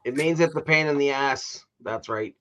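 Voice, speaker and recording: Bright-voiced chatty man telling stories. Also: medium pitch, moderate pace. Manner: chatty storyteller who laughs often. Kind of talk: casual chat.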